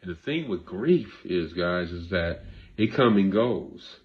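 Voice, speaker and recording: In dull audio, this low-voiced therapist host talks to camera in a relaxed monologue, animated yet unhurried. He is grieving and emotional, sometimes more than others, and circles back on his words with a preacher's earnestness.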